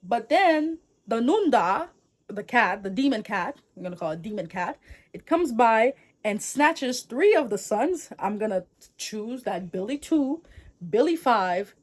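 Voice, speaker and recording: A woman's voice: fairly high pitch, very animated, unhurried. A young woman tells an old folktale like she's gossiping with a friend, slangy and rambling. She keeps stopping for wry side comments and strings everything together with "like.". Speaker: storyteller. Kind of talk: casual comedic folktale retelling.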